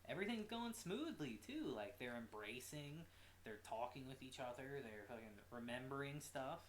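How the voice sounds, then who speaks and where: A man reviewing an episode in a loose, chatty way, with a swear word here and there. His voice is middle-pitched but swings widely up and down. He sounds like he is in an echoey room with a light hiss behind him. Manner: animated, swears casually, quick asides. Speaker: anime reviewer. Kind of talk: casual episode recap.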